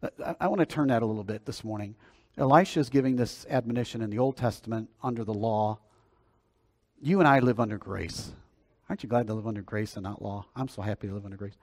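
A pastor preaching a sermon and praying, earnest, shifting between swelling phrases and quiet ones. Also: male voice, on the low side, fast. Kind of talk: sermon and prayer.

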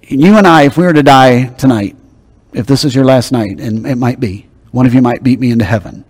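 A man's voice: mid-range voice, brisk, a little mellow, slightly rough. A man preaching a sermon, teaching in a conversational, emphatic way. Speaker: pastor.

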